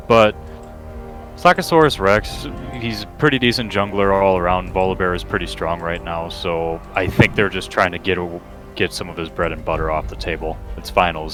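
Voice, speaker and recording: A man giving esports analysis in a playful, excitable way. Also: deep voice.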